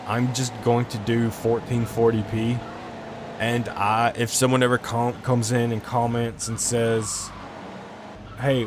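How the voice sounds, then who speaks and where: A man's voice: mid-range voice, background noise. A man giving casual gameplay commentary on a stream, rambling and swearing in frustration, talking into a desk microphone. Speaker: gaming streamer.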